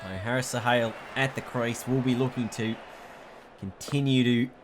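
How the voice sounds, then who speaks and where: A man calls a cricket video game play by play, his voice at an everyday middle pitch. He is chatty, corrects himself as he goes, and jumps up in excitement at big moments. A clear, steady noise runs behind the recording. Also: normal speed. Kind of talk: play-by-play sports commentary.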